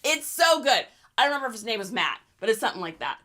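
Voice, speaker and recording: A woman's voice: on the high side, sing-song, fast, bright, forceful tone. A young woman hosting a casual reseller livestream, chatting in a bubbly way with lots of fillers and laughs.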